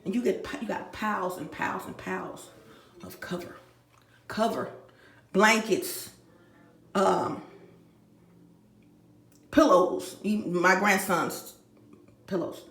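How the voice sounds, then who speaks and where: A woman's voice: mid-range voice, slow pace, pauses often, fairly bright tone. Heated, profane Texan woman in an echoey room. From Dallas, Texas. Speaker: YouTuber. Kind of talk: emotional vlog rant. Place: home room.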